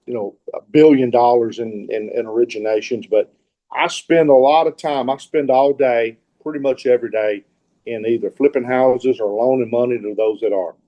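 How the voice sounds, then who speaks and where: A man's voice: medium pitch, normal speed, muffled recording. A middle-aged man from Mississippi with a Southern accent, giving a folksy, rambling and informal webinar talk as a guest speaker, often repeating words and restarting sentences. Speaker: guest speaker, real estate investor.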